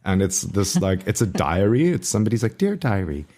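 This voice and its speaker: Rambling, laughing podcast man, low voice. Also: animated, a little fast, dark tone. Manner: rambling, laughs often and loses his train of thought. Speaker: podcast co-host. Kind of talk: casual chat.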